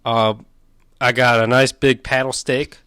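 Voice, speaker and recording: A man's voice: mid-range voice, flat delivery, unhurried, bright, forceful tone, smooth, no echo, studio quality. Rambling young man hosting a podcast. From Chicago, US. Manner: rambling, self-deprecating, loose and chatty. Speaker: podcast host. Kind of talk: casual solo podcast chat.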